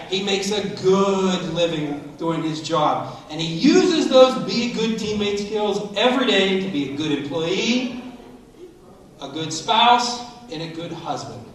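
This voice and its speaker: A middle-aged man speaks to a school assembly in a high, bright voice that swings widely as he jokes and coaches. He sounds distant from the mic. His voice echoes heavily around a large hall. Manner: animated, coaching and joking. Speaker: motivational speaker.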